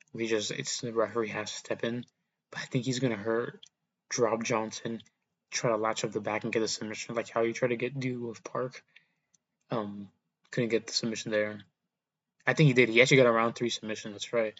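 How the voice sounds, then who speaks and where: Young man, casual rambling fight talk, self-correcting, offhand swearing, mid pitch, dull lo-fi recording. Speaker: MMA predictions YouTuber. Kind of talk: casual fight breakdown monologue.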